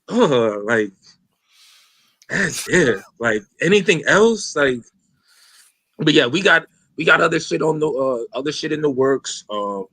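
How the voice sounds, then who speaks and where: Slightly high-pitched, with a bright, forceful tone, this podcast host talks in a loose, meandering way. He swears, leans on slang, and uses plenty of fillers, and there's no echo on the recording.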